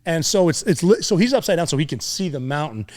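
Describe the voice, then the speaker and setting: Animated man telling a war story. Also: a little high, quick pace. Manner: animated war storyteller, profane, acts out voices and sounds, laughs often. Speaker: podcast guest, former Navy SEAL. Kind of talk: casual storytelling interview.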